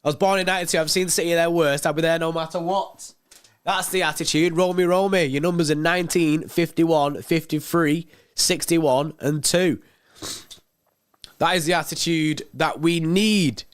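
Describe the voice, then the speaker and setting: A man's voice: fairly high pitch, steady tone, moderate pace, clean tone. A man hosting a fan channel's livestream in casual chat, laid-back and chatty, reading out viewer comments.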